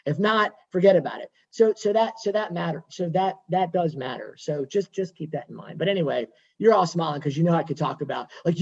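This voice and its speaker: Man, mortgage lender, husky voice, chatty and repetitive, video call, muffled audio. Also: sits high, darkish tone. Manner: conversational, digressive, repeats himself. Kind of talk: workshop talk on a video call.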